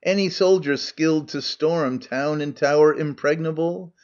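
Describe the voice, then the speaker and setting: A man's voice: fairly high pitch, unhurried, highs cut off, natural voice. A man voicing a hostile chorus of old men that threatens and calls for help in declaimed verse. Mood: pleading.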